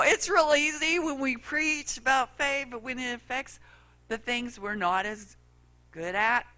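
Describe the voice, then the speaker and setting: Middle-aged woman preacher, bright voice, folksy storyteller. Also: medium pitch, creaky. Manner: folksy storytelling, acts out quotes. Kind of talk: sermon.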